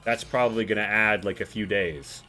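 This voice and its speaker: A man's voice: fairly low pitch, steady tone, normal speed, pushed and bright, soft background music. A man narrating as game master of a tabletop game, rambling with many fillers.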